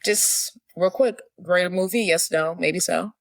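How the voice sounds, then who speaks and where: A woman's voice: on the low side, unhurried, creaky. A woman co-hosting a movie podcast in casual chat, cutting in with teasing, sarcastic remarks. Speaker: podcast co-host.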